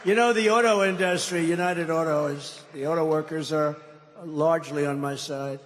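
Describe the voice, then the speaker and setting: Older man, rally speech, high-pitched for a man, long reverb of a big hall, faint ambience, mocking and rambling. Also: fairly even intonation, normal speed, a little hiss or hum. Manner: rambling, mocking, crowd-baiting with asides. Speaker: political candidate at a rally. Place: large rally hall with crowd.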